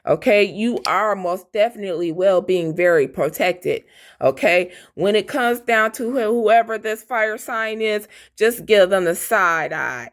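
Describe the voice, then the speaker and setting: A woman's voice: medium pitch, expressive, a little slow. A woman giving a fiery, profane tarot reading, blunt and defiant. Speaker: tarot reader.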